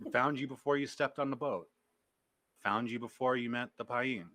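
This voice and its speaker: A man's voice: mid-range voice, normal speed, pushed and bright. A man acting as game master, narrating in character and playfully stumbling over his words.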